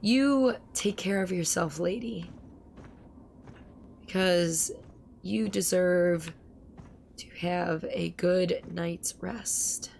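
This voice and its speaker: A woman's voice: fairly low pitch, extremely slow, vocal fry, pauses often, darkish tone, slight background noise. A woman streaming a game, chatting and rambling to her viewers while recovering from a cold. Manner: chatty, rambling, talks to chat. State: recovering from a cold, voice not at full strength. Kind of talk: casual gameplay commentary.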